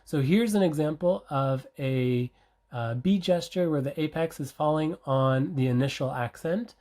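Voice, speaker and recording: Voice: mid-range voice, a little slow, mellow. A researcher giving an academic conference presentation, explaining step by step with frequent fillers and self-corrections.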